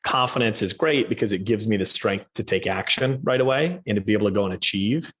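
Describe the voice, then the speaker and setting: Male guest, 30s, low-pitched, upbeat and energetic, casual interview delivery. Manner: energetic, upbeat, quick bursts of speech.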